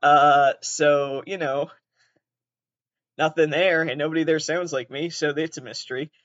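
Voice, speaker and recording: Hosting a relaxed solo podcast, this southeastern Massachusetts man speaks with an accent that sounds upper Midwestern or southern Canadian. His slightly high, steady, somewhat bright voice moves unhurriedly as he rambles, laughs mid-sentence, curses, and mocks himself. The recording is dry and muffled.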